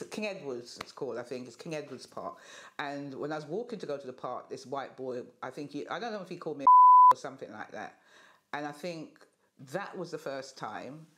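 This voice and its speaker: An older speaker recalling their experiences in a documentary interview in a hesitant, reflective way. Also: mid-range voice. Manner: hesitant and reflective, many fillers.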